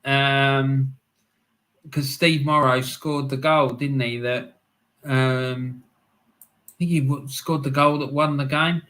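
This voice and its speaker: A man's voice: mid-range voice, fairly even intonation, takes it slowly, long pauses, a bit bright. A man hosting a live stream, chatting casually with viewers, laughing often and calling people "mate". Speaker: livestream host reading chat.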